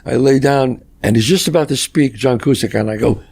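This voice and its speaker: Gravelly storytelling man. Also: mid-range voice, fairly quick. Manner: animated storyteller acting out dialogue, swears freely. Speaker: guest actor telling stories. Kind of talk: casual podcast storytelling.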